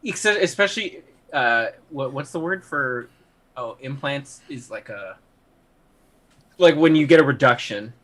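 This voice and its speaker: A man's voice: medium pitch, lively intonation, a little slow, pushed and bright. A man joining a casual podcast chat over an online call, hesitant and searching for his words. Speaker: podcast co-host.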